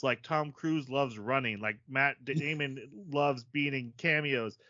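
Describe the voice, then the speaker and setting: A man co-hosting a podcast, chatting casually about an anime, animated and self-deprecating, laughing at himself often. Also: mid-range voice, slow pace, dry recording, lo-fi sound. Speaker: podcast co-host. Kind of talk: casual chat.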